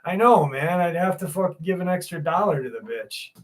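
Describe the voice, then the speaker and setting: A man's voice: a little high, animated, fairly quick. A man hosting a live stream, chatting casually and reading viewer comments in a loose, jokey way with plenty of swearing.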